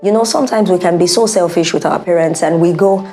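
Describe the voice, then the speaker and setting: A young woman talks straight to her viewers in a heartfelt vlog, earnest and insistent, coming back to the same points so they land. Her voice sits on the low side for a woman, and soft music plays faintly underneath. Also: quick pace, few pauses. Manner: earnest, repeats points for emphasis. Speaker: vlogger. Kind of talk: heartfelt personal monologue.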